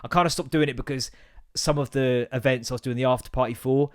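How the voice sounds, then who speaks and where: A man, hosting a comedy podcast with sweary, exasperated rants and sudden loud outbursts. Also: medium pitch, fairly even intonation, quick pace, dry recording, clean studio sound. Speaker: podcast host. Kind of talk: comic ranting monologue.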